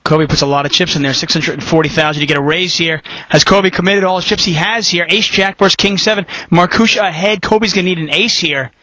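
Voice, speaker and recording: Bright-voiced American man joking in commentary. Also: sits high, a little fast, hardly any pauses, dry recording. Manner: joking, self-deprecating banter. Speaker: poker co-commentator. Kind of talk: live poker commentary.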